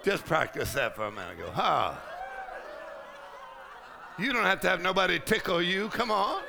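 A middle-aged man preaching a charismatic sermon, breaking into loud laughter and shouts. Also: high-pitched, big pitch swings, quick pace, gravelly, noisy background. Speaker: pastor. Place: large conference hall.

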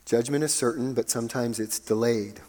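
A man preaching a sermon, calling his listeners loved ones and swinging between ringing emphasis and a hushed near-whisper. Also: medium pitch, fairly even intonation, normal speed.

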